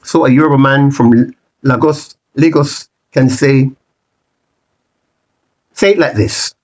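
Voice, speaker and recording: A man presenting a reflective monologue, speaking in deliberate, repetitive rhetorical phrases with the odd restart. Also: medium pitch, darkish tone, poor audio. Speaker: channel presenter.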